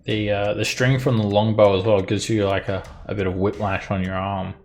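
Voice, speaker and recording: A man narrating as dungeon master of a tabletop game, describing the action in a lively way with chuckles. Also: fairly low pitch, moderate pace.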